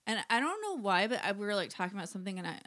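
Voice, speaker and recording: Chatty woman with a bright voice. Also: medium pitch, sing-song, racing. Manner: rambling, many fillers and voiced quotes. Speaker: co-host. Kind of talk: casual chat, snack tasting.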